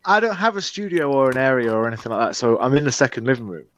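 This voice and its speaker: A man's voice: medium pitch, very fast. A man co-hosting a podcast, laid-back and teasing in casual chat. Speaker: podcast co-host.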